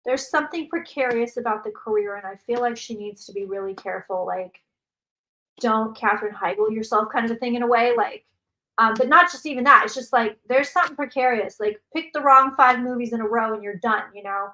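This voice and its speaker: Bright-voiced chatty woman host. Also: a little high, brisk, low-quality recording. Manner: chatty, repeats phrases, answers viewer questions. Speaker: psychic livestream host. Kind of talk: casual livestream chat. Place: home. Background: dog barking.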